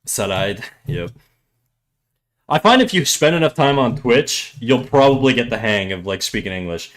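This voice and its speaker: A man's voice: mid-range voice, animated, moderate pace, a bit bright. A French Canadian man, native French speaker, hosting a casual livestream, chatting with viewers in a joking, rambling way. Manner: joking, rambling, switches between English and French. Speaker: livestream host. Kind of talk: casual stream chat with chat readers.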